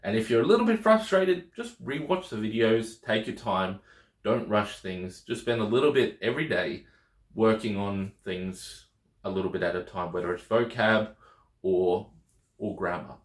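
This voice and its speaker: A man's voice: on the low side, lively intonation, moderate pace, reverberant. A man teaching a video language lesson, patient and encouraging, often checking in with "okay?". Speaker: Greek teacher.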